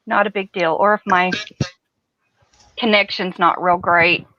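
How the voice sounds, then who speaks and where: A woman's voice: lowish voice, steady tone, unhurried, muffled recording, noisy background. A woman joining a casual livestream as a panelist, playful and teasing as she greets viewers.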